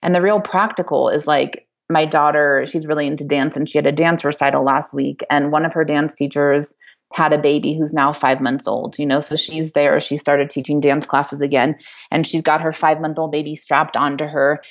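A woman's voice: deep voice, level tone, moderate pace. A woman hosting a podcast, talking earnestly and casually with lots of "like" and "you know". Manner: earnest and talkative, many "like" and "you know" fillers. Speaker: podcast host. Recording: slightly dull, lo-fi.

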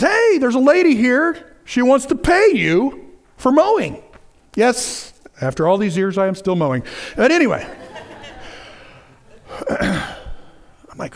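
A middle-aged man preaching a sermon, earnest and repetitive, telling a story with stammered restarts. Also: high voice. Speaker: pastor.

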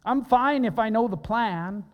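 Male pastor, unhurried emphatic sermon delivery, long hall reverb. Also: extremely high pitch, lo-fi sound. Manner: earnest, emphatic preaching with repeated phrases.

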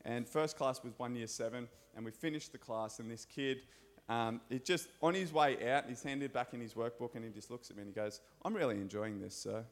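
A man's voice: medium pitch, fairly quick. A man with an Australian accent, a preacher and school scripture teacher, giving a casual, chatty sermon in a church with enthusiastic stories.

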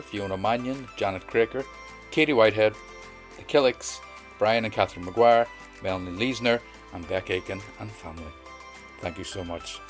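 A male podcast host with a very low voice reads a scripted outro. He thanks listeners by name in a grateful tone. Faint music plays underneath. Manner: warm, grateful thank-you reading.

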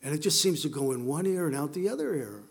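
High-voiced, animated male preacher. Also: fast, vocal fry. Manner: animated storytelling, playful asides to the congregation. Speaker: pastor. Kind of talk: sermon.

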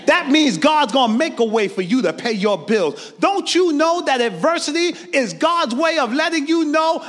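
A man a sermon, calling out to his congregation and swinging from shouted lines to hushed ones. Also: very high voice, expressive, moderate pace, hardly any pauses. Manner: call-and-response preaching, swinging from shouts to near-whispers. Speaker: preacher. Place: church sanctuary. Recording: long reverb of a large hall.

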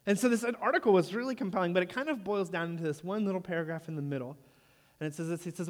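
A man's voice: sits high, racing. A man in his thirties preaching a sermon, telling a story with humor and often checking in with "right?". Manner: animated, jokey storyteller who asks the room "right?". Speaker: pastor. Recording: long reverb of a large hall.

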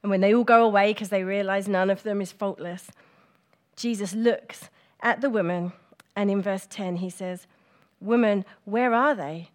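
A middle-aged woman giving a personal, reflective church talk, speaking gently with pauses and fillers. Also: mid-range voice, fairly even intonation.

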